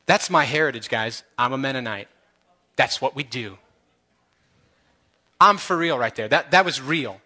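A man's voice: mid-range voice, animated, a little fast, long pauses, bright, forceful tone. A man who is a church elder, preaching an earnest and impassioned sermon straight to his congregation.

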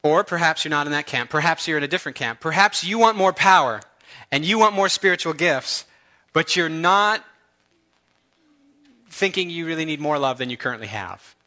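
A man preaching a sermon with earnest, impassioned conviction, talking straight to his congregation. His voice sits a bit high and sounds bright and tense. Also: lively intonation, moderate pace. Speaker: church elder preaching.

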